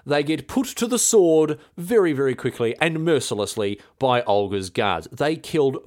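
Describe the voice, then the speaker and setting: A man's voice: on the high side, animated, moderate pace, darkish tone. A man hosting a podcast, telling a history story in an irreverent, rambling, slang-filled way. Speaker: podcast host.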